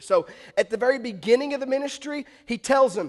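A man's voice: extremely high pitch, fairly quick, few pauses, long reverb tail. A male pastor preaching a sermon in a conversational storytelling manner, asking the congregation questions along the way.

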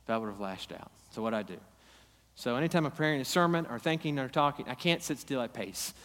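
A man in his thirties preaching a sermon in a church hall, swinging from loud emphatic peaks down to quiet, low asides. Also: expressive, fast talker. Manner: impassioned, rising to loud emphatic peaks then dropping low. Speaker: pastor. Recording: long hall reverb.

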